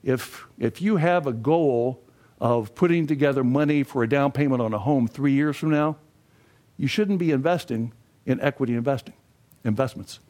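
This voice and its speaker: Older man, folksy classroom instructor, mid-pitched voice, asks the room questions. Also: moderate pace, darkish tone. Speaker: financial education instructor. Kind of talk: classroom lecture.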